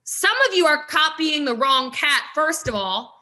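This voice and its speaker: A woman with a high, bright voice talks fast and with emphasis, pushing her point hard on a video call. She often breaks into laughing asides as she speaks to her listeners in a network marketing talk. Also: expressive. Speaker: network marketing top recruiter.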